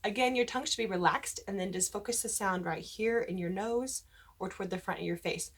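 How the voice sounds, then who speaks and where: A woman's voice: medium pitch, fairly quick, breathy edge. A woman voice teacher explaining diction rules for church cantors and demonstrating vowel shapes. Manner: explains patiently, breaks into sung vowel examples. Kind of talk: instructional talk with sung demonstrations.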